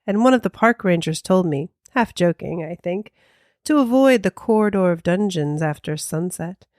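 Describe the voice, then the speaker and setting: A woman co-hosting a paranormal podcast, telling a ghost story in a slow, hushed, dramatic way. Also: fairly low pitch, lively intonation, dry recording, studio quality.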